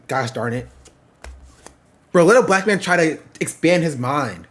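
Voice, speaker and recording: A young man commenting on clips during a casual live stream, halting and wry, often breaking off mid-sentence. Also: fairly high pitch, lively intonation. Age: young adult. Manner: halting, self-interrupting, wry asides.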